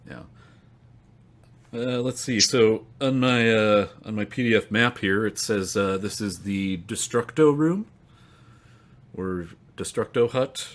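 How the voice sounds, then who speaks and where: A man playing a tabletop game, joking and relaxed. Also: on the low side, slow pace. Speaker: player. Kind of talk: tabletop role-play.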